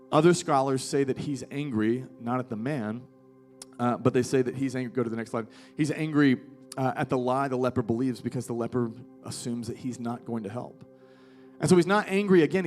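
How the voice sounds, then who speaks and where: A man's voice: a little high, fast talker, faint music behind. A man in his thirties, a pastor giving a live sermon in a casual, conversational way that grows emphatic. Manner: conversational preaching, rising to emphatic. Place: church hall with live audience.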